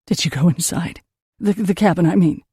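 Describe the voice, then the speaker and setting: Woman voicing a hushed, frightened mother. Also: normal speed, breathy edge, dry recording, studio quality. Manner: hissing, low and tense. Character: frightened middle-aged mother, urgent and hushed.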